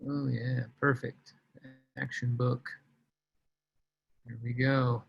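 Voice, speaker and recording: A man leading a sales team on a video call, coaching in a casual, energetic way and calling out team members by name. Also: mid-range voice, takes it slowly, creaky, husky, muffled recording. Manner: energetic, casual, shouts out names.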